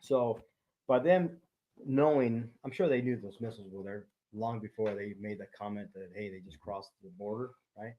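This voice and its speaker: A man's voice: lowish voice, moderate pace, highs cut off. A man, a former police intelligence officer, explaining in casual chat and tagging points with "right?". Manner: explains steadily, tags lines with "right?".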